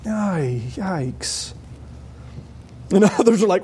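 Male preacher, high tenor, lively verse-by-verse sermon with playful voices. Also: unhurried. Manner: animated, acting out voices with sudden high squeals. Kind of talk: expository sermon.

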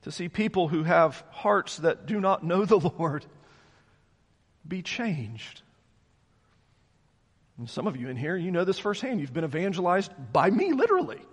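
A man's voice: high-pitched, very animated, measured pace, long pauses, breathy edge, in a large hall. A male pastor preaching a sermon to his congregation, explaining scripture in an earnest way. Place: church sanctuary.

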